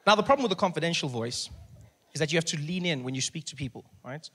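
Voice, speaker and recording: A man from South Africa performing a stand-up comedy set, telling stories with lively character voices and sudden soft passages. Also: on the high side, fast, breathy edge. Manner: animated storytelling, acts out characters, drops into soft voice. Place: live comedy venue with audience.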